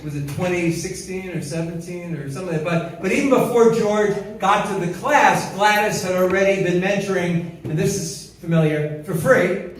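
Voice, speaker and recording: A man's voice: sits high, normal speed, a little hiss or hum. An older man, a comedian, giving a rambling, self-deprecating tribute speech. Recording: echoey hall from far off with crowd.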